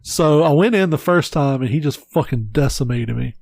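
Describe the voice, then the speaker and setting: A man's voice: fairly high pitch, moderate pace, vocal fry, darkish tone, no echo, studio quality. A man hosting a casual podcast, telling stories in a laid-back, rambling way with lots of filler words. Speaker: podcast host. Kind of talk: casual chat.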